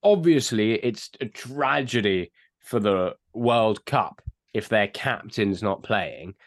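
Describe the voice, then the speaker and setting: A man's voice: lowish voice, takes it slowly. Blunt, ranting man on a sports podcast. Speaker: podcast co-host. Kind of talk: casual sports podcast chat.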